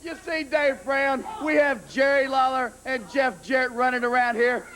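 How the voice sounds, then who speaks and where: High, boastful young man. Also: moderate pace, few pauses, a bit bright. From Southern US. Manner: boastful, sneering, arrogant. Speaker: wrestler. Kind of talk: 1990s wrestling promo.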